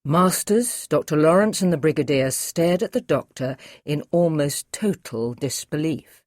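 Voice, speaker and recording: A woman narrating an audiobook in a measured, clear storytelling manner. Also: low-pitched, expressive, darkish tone, dry recording, clean studio sound. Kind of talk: scripted narration.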